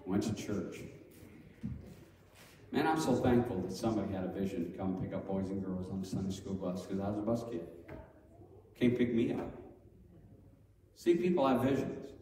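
Middle-aged male preacher, storytelling sermon, animated, distant mic in a roomy church hall. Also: on the low side, normal speed, long pauses, a little hiss or hum. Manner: animated, acts out quoted voices loudly. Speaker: Sunday school teacher. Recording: echoey hall from far off.

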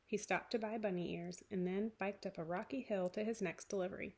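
A woman teacher reading a picture book aloud to a class of small children. Her voice has a gravelly, slightly husky texture, at a middle pitch. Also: fairly even intonation, fairly quick, hardly any pauses. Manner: clear, warm read-aloud narration for young children.

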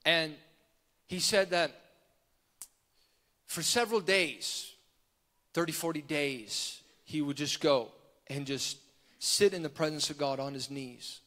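A male preacher with a fairly high, bright voice tells a story at a slow, deliberate pace. He builds from quiet telling to fervent shouting. Long reverb from the large church hall trails after each phrase. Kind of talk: sermon storytelling.

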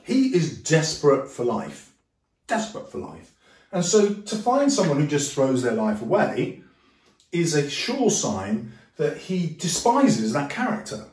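A man teaches in a bouncy, animated voice that sits a little high and climbs and falls all the time. He jokes and slips into quick funny voices as he explains. He sounds a step away from the mic, and the room around him rings. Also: reverberant, far from the mic. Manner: animated, jokey, acts out quotes in funny voices. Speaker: English teacher. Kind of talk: lively lesson with acted-out voices.

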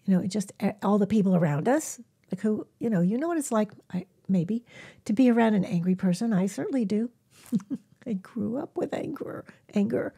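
A woman animal communicator giving casual, gentle self-help advice to camera, often dropping into a soft whisper. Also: mid-range voice, expressive, moderate pace, vocal fry, husky.

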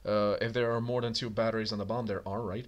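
A man reading a bomb manual aloud in a casual co-op game, hurried and muttering. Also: on the low side, fairly even intonation, highs cut off. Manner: hurried, mutters while searching, bursts into laughter. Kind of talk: casual gaming chat.

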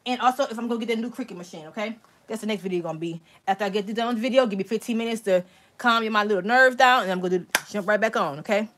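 Bright, excitable woman crafter. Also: mid-range voice, rapid-fire, a little hiss or hum. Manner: chatty and excitable, talks straight to viewers. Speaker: crafting channel host. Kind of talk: casual live-stream tutorial.

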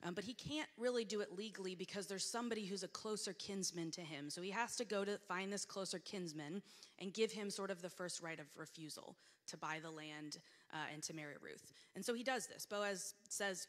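A woman in her thirties preaching a sermon in a church, reading scripture and telling candid, self-deprecating stories about herself. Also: on the low side. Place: church sanctuary. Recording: long reverb of a large church hall.

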